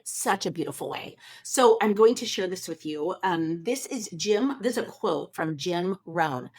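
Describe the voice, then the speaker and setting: A woman's voice: fairly low pitch, no echo. Gushing, upbeat woman podcast host. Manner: gushing, effusive, lots of "oh my gosh". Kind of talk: upbeat motivational podcast talk.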